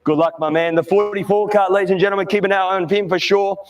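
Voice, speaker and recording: A man's voice: high-pitched, fairly even intonation, quick pace. A man interviewing young drivers on the grid at a night kart race, upbeat and chummy. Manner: upbeat, chummy, calls everyone mate. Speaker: grid announcer.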